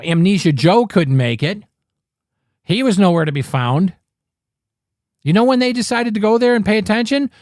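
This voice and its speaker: A man's voice: high voice, no echo, studio quality. Angry, swearing man ranting. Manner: angry, swearing freely, rambling with restarts. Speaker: podcast host. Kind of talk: profane political commentary rant.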